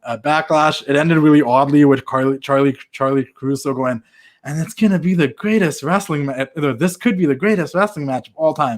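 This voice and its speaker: A man co-hosting a podcast, chatty and rambling, with lots of likes and ums as he asks questions. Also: medium pitch. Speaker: podcast co-host. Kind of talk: casual interview questions.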